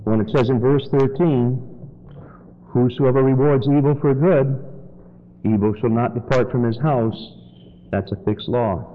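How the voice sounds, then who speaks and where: A man preaching a sermon in church, swinging from loud, high exhortation to low, quiet warning. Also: measured pace, pauses often. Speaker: pastor. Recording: dull lo-fi sermon recording with faint noise.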